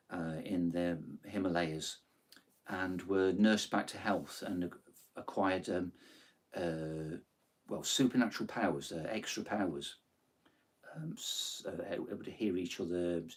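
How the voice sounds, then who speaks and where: A man with a Nottingham accent chatting on a live stream, rambling and hesitant with lots of ums and self-corrections as he takes song requests. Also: fairly low pitch. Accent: Nottingham, East Midlands English. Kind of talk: casual live-stream chat.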